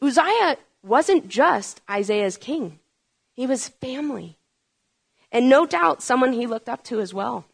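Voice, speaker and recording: A woman's voice: sits high, big pitch swings, unhurried, vocal fry, husky. A woman preaching a sermon, asking rhetorical questions and building to urgent, emphatic peaks.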